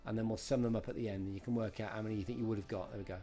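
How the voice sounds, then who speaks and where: A man's voice: lowish voice, fairly even intonation, rapid-fire, dark tone, faint music behind. A middle-aged man hosting a live-streamed retro quiz, chatting and greeting viewers by name as he reads out questions. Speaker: host.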